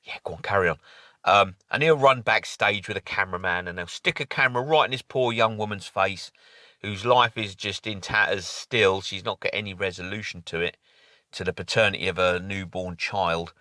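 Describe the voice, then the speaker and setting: A man's voice: low-pitched, moderate pace, bright, forceful tone, no echo, clean studio sound. A man talking casually to camera in a rambling opinion monologue with many fillers and restarts. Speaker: vlogger.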